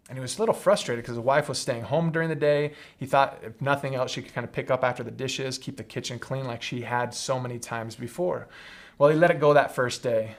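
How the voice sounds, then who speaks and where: Earnest man teaching with "right?" tags. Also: mid-range voice. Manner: earnest teaching tone, frequent "right?" tag questions. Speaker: host of a leadership training talk. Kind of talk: live-streamed training talk.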